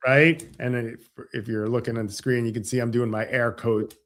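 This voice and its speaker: A man, a financial advisor guest on an interview show, explaining with animated stories and acted-out dialogue. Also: mid-range voice, normal speed. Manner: animated, acts out quoted dialogue. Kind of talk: casual interview storytelling.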